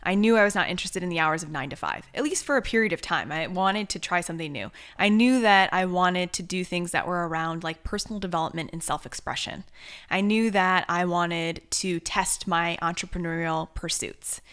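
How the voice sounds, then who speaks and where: A woman's voice: lowish voice, brisk. A young adult woman, an author and coach, talking earnestly and reflectively as a podcast guest. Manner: earnest, reflective, animated when quoting herself. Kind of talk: conversational interview.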